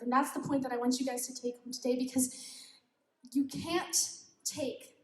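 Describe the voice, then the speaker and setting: A woman's voice: high voice, steady tone, moderate pace, a little mellow. A young woman giving an informal youth devotional talk, giggly and self-deprecating, often laughing as she speaks. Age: young adult. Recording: echoey room.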